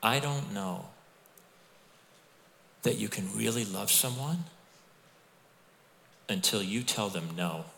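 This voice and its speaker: A middle-aged man preaching a sermon as pastor, telling stories in a conversational, animated way with asides to the congregation. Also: on the low side, takes it slowly, creaky, pauses often, slight background noise. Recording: long hall reverb.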